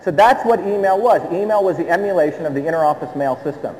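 A man's voice: a little high, quick pace, darkish tone, slight background noise. A middle-aged man from India giving a public talk, emphatic, who keeps checking in with the audience through rhetorical questions. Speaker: speaker addressing an audience. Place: hall with an audience. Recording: long hall reverb.

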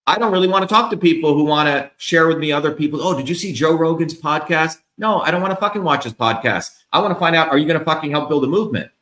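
Angry swearing guy on a campaign rant, bright forceful voice, roomy echo. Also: on the high side, lively intonation, racing, hardly any pauses. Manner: profane, combative, emphatic. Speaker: political candidate as guest. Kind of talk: heated interview rant.

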